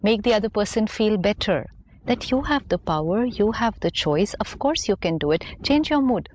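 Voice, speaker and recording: A woman's voice: medium pitch, expressive, moderate pace, a little mellow, slight background noise. A woman speaking as a spiritual teacher on a talk show, explaining her ideas patiently and reflectively.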